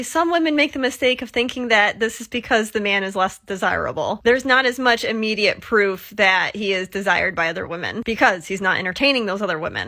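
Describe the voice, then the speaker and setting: A woman's voice: a little high, pushed and bright. A woman giving emphatic, lecturing dating advice straight to camera, often repeating "trust me". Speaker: dating commentator. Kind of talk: direct-to-camera advice monologue.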